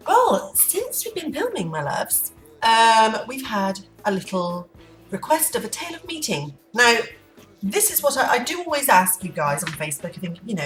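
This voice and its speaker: In an unplanned vlog recorded at home, a woman chats playfully and rambles on to the camera. Her voice is a little high and very animated, picked up from a distance in an echoey room with faint background music.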